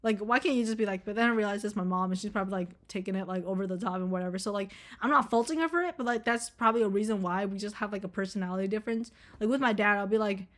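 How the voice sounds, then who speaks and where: Young woman vlogger, mid-pitched, blunt and profane, rambly casual delivery. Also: rapid-fire, hardly any pauses, a bit bright.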